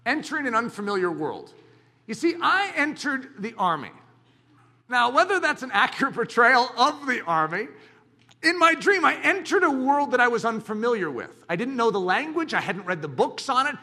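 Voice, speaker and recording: High, bright-voiced man preaching animatedly. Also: normal speed. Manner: animated, dramatic preaching with bursts of shouting. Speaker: pastor. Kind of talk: sermon.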